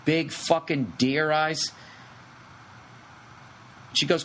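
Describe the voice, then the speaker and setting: Man, middle-aged, podcast host, rambling profane storytelling, slightly high voice, faint hiss behind. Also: rough recording. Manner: profane, animated, quick bursts. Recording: faint background noise.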